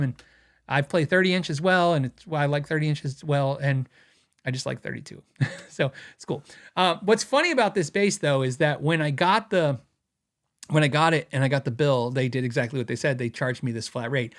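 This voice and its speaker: A man hosting a gear podcast, telling a story in a chatty, animated way and laughing at his own anecdotes. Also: a little high, fairly quick. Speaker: podcast host. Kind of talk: casual storytelling.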